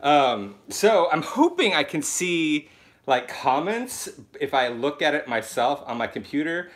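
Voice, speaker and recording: A young man hosting his first live stream from his phone, chatty and excitable, laughing often as he reads out viewer comments. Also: fairly high pitch, unhurried. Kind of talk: casual live-stream chat.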